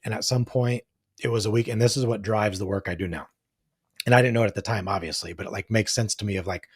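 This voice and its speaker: A man in his forties with a husky voice tells a candid story as a podcast guest. He sits low in his range and talks earnestly, dropping "like" often. The recording is dry and close. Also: dry recording. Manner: earnest, frank, frequent "like" fillers. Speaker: podcast guest, de-escalation trainer.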